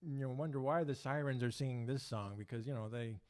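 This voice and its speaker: A man co-hosting a choir live stream in casual chat, relaxed, with brief replies and plain explanations. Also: medium pitch, brisk. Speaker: choir co-host.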